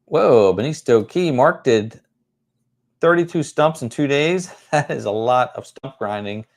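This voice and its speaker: A man's voice: medium pitch, expressive, measured pace. A middle-aged man hosting a casual livestream, rambling and chuckling as he answers viewer comments with self-deprecating humor. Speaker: livestream host.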